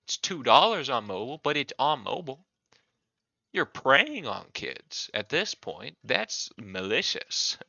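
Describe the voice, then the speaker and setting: A man's voice: mid-range voice, sing-song, unhurried, gravelly, pushed and bright, no room sound. A man delivering an angry, profane comedic rant. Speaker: video creator. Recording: dull lo-fi recording.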